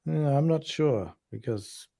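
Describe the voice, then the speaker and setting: A man's voice: fairly high pitch, slow, vocal fry, warm tone, no echo. A man hosting a casual discussion show, dry and understated. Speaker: show host. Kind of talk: casual chat.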